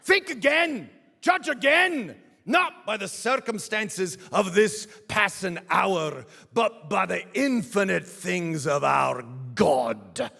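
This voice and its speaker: A man's voice: high-pitched, lively intonation, slow, gravelly, sharp tone, big-room sound, voice pushed up, heavily acted. A man putting on a fiery older Scottish preacher in an impassioned, declaiming manner with a put-on Scottish brogue.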